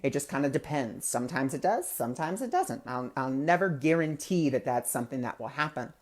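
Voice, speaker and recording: A man's voice: mid-range voice, animated, fairly quick. Male host, spiritual talk, chatty and anecdotal, conversational delivery. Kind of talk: casual spiritual teaching talk.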